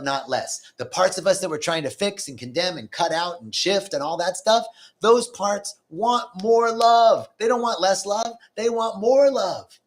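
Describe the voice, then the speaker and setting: A man's voice: fairly high pitch, fairly bright tone. A man giving a spiritual talk, earnest and conversational, now and then acting out inner voices with a curse. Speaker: spiritual teacher. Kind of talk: live-streamed spiritual talk.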